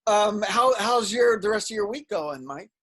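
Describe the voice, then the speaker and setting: A man's voice: sits high, expressive, normal speed, a bit bright, breathy edge. A man co-hosting a podcast, chatting casually and telling stories with a flippant, joking manner. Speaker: podcast co-host.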